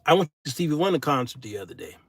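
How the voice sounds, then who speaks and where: Animated, high-voiced male host. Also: very fast, no room sound. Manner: preachy, then comic storytelling with shouted punchlines; folksy, casual speech. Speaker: show host. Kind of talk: solo commentary monologue.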